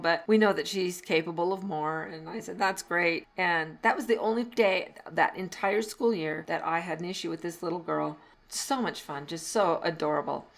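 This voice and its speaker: A middle-aged woman and former teacher hosting a parenting podcast, telling family stories in a chatty way and laughing often. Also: on the low side. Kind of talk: casual podcast monologue.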